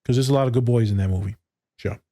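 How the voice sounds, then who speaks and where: A man's voice: mid-range voice, fast talker, dark tone, no echo, clean studio sound. A man in casual podcast chat, loose and candid, swearing freely and acting out conversations. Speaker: podcast co-host.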